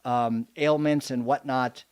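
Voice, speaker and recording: A man's voice: mid-range voice, fairly even intonation, slow, a little mellow, clear, resonant tone, close to an everyday voice. Earnest female life coach, as a man quotes her. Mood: advising.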